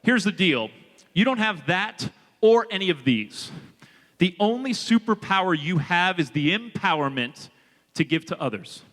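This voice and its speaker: A man giving an energetic motivational leadership talk to students, drawing the audience in. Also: sits high, unhurried. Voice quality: energetic, animated and audience-engaging. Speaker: leadership speaker. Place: large hall with a student audience. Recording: reverberant hall with a long echo.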